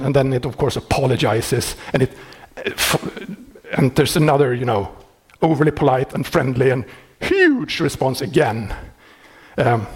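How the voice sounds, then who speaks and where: Husky, wry software maintainer man. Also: medium pitch. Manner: wry and animated, laughing often, many restarts. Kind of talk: casual explanatory talk.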